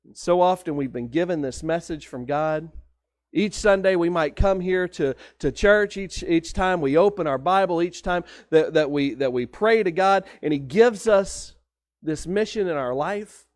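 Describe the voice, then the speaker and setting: A man's voice: a little high, animated, moderate pace, no room sound, clean studio sound. A pastor, preaching a conversational sermon with stories from his own life. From Texas.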